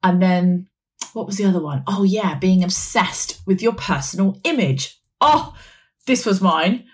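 A woman around forty, hosting a wellness podcast in a chatty, rambling way with frequent laughs. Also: on the low side. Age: 40s. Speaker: podcast host. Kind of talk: casual wellness podcast chat.

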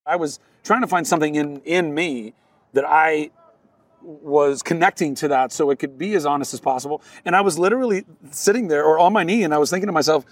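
A man's voice: on the high side, a little fast, dry recording, distant mic. A man, an actor, talking earnestly and reflectively in an interview, often laughing.

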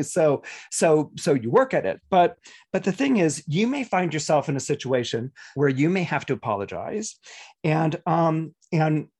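Male astrologer, middle-aged, somewhat high husky voice, chatty, restarts a lot. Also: a little mellow. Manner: chatty, repetitive, many fillers and restarts. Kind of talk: weekly horoscope talk.

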